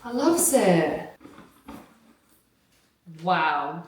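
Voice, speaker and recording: A woman's voice: mid-range voice, moderate pace, roomy sound, rough recording. A woman chatting casually and gushing as she unboxes things at home in an unboxing vlog. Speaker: vlogger. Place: home, indoors.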